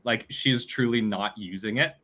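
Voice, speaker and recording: A man describing his character's actions as a player in a tabletop game, halting and casual with many fillers. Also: fairly low pitch, bright, forceful tone.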